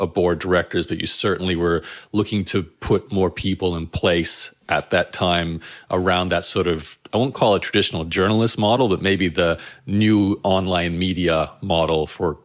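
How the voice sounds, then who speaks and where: A man's voice: sits low, fairly bright tone. A middle-aged man hosting a casual podcast interview, asking long rambling questions and correcting himself as he goes. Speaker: podcast host.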